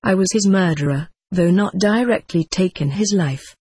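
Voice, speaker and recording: A storyteller with a husky, breathy voice reads a translated first-person tale in an even, slightly stiff way. The sound is dry and close, with no room around it. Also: mid-range voice, normal speed, no echo. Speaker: narrator.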